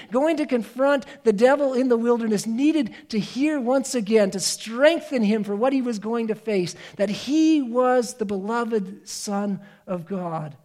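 Male preacher with a high voice, earnest and emphatic, swings between loud and hushed. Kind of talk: sermon.

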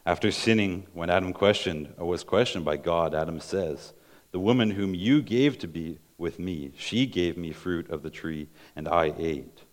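A male preacher delivers a sermon in a very low voice. He talks earnestly, reads verses aloud and often doubles back on his words as he explains them. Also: moderate pace.

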